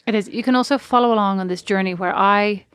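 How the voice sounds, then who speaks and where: A woman's voice: medium pitch, quick pace, a bit bright, clean tone, no echo, clean studio sound. A young woman co-hosting a podcast, bantering with sardonic, mock-pompous humour. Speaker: podcast co-host. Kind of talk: casual chat.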